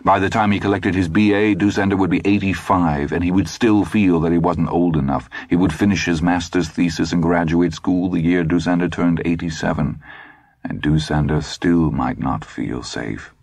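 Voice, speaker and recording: A man reading an audiobook in a steady, grave, deliberate scripted narration, recorded close in a studio. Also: low-pitched, creaky, no room sound.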